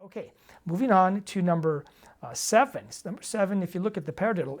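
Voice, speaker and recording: Low-voiced woman teaching drum patterns. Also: lively intonation, quick pace. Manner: explains step by step, counting beats and sticking patterns; casual and encouraging, with fillers and check-ins. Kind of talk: instructional demonstration.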